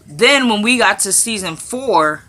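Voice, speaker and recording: Woman vlogger, super bright voice, chatty show recap, repeats stuff for emphasis. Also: medium pitch, animated, measured pace. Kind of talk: casual episode recap.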